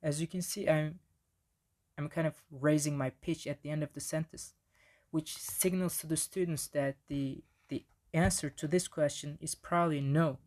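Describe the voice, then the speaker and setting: A man's voice: on the high side, fairly even intonation, moderate pace, darkish tone. A man giving a casual slide presentation on language in the classroom, with frequent restarts and fillers.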